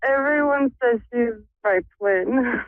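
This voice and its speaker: A woman calling in to a live show, giving brief, soft-spoken replies. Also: fairly high pitch, slow pace. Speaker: caller. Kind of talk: phone-in conversation. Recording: tinny phone line.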